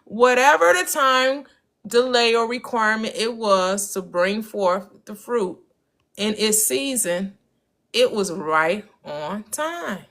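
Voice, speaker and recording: A woman in a casual faith-based discussion, earnest and preacherly, slowing down for emphasis. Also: on the high side, bright, forceful tone.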